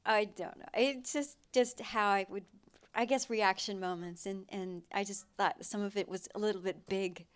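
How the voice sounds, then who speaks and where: A woman's voice: mid-range voice, fairly even intonation, normal speed, smooth. A woman speaking as an actress on a film panel, bubbly and effusive, laughing often. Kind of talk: casual onstage panel chat. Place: film center stage before an audience.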